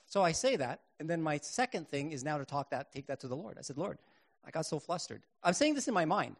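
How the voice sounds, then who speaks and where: A middle-aged man preaching a sermon and telling his own testimony, earnest, rising to emphatic bursts and then dropping quiet. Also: on the high side, big pitch swings, fairly quick.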